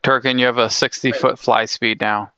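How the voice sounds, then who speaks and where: A man's voice: medium pitch, little pitch movement, moderate pace, pushed and bright, clear, resonant tone, muffled recording. A man playing in a tabletop game, joking playfully with the group. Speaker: player.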